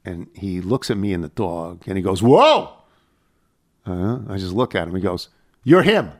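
A man's voice: low-pitched, a little fast. An older man hosting a podcast, chatting casually and acting out the people in his stories. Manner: animated, acts out voices in anecdotes. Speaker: podcast host. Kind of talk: casual chat, storytelling.

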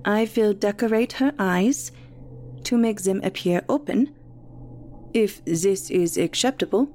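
A woman's voice: medium pitch, completely flat delivery, a little fast, mellow, slight background noise, natural voice. A woman voicing a tall, bearded German photographer who speaks formally and politely.

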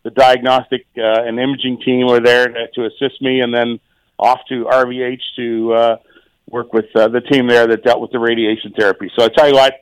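A man's voice: mid-range voice, little pitch movement, clear, resonant tone, no echo, low-quality recording. A middle-aged man, a township mayor, talks casually as a radio guest, often restarting and repeating words. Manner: halting, many repeated words and fillers.

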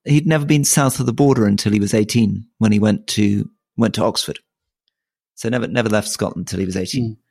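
A middle-aged man with a low, gravelly voice talks in a relaxed, unscripted way. He stops and restarts often, repeating words as he feels his way into a thought. The sound is close and dry. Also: brisk, dry recording. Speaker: podcast co-host. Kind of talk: casual conversational chat.

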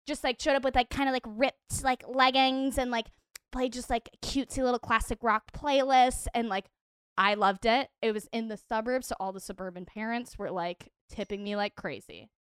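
A woman guest on a podcast, telling a story in animated casual chat, filling it with "like". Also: fairly high pitch, normal speed, clean tone, no room sound, studio quality.

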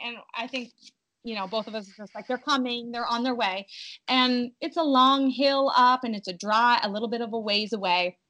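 A young adult woman telling her birth story in a casual, animated way, acting out her own cries in quotes. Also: a little high, moderate pace, rough recording.

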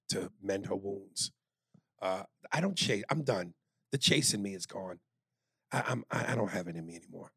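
A man co-hosting a podcast in casual chat, reading listener emails aloud and breaking into loud bits and silly voices. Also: on the low side, gravelly, breathy edge, no room sound. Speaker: podcast co-host.

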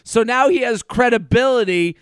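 A man's voice: very high voice, moderate pace, clean tone, no echo. A man co-hosting a podcast in casual chat, telling stories and acting out what people say. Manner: animated, acts out quotes with crude asides. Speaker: podcast co-host.

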